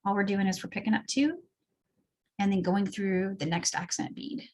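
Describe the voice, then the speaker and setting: A woman instructor walks through a beadwork project one step at a time, chatting as her hands work. Her voice is slightly husky and sits at an ordinary middle pitch. She sounds easygoing and explains as she goes. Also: moderate pace, darkish tone. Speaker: craft instructor. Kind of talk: step-by-step craft tutorial.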